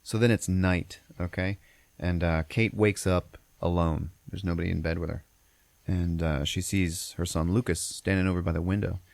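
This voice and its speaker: A man's voice: sits low, steady tone, normal speed, vocal fry, a little mellow, no echo. A man hosting a podcast, casually recapping a movie in a profane, rambling way. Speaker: podcast host.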